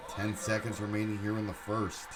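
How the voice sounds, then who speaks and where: A man giving live play-by-play commentary on a game stream, excitable, with chatty asides. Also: lowish voice, moderate pace, very noisy. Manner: excitable, rises to shouts on big plays, chatty asides.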